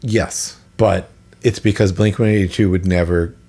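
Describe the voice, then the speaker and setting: A man's voice: low voice, steady tone, moderate pace, dark tone. A man co-hosting a podcast in casual chat, opinionated and rambling with restarts. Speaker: podcast co-host.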